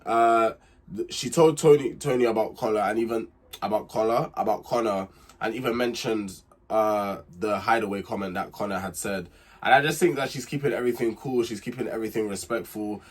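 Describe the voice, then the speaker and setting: A man's voice: lowish voice, a little fast, breathy edge. A young man hosts a casual reality TV recap, chatty and candid, repeating himself and getting emphatic when he gives his opinions.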